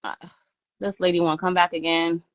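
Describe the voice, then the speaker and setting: A woman's voice: lowish voice, little pitch movement, fairly quick, no room sound, muffled recording. A woman live-streaming a heated rant, confrontational and profane, hammering her points by repeating them.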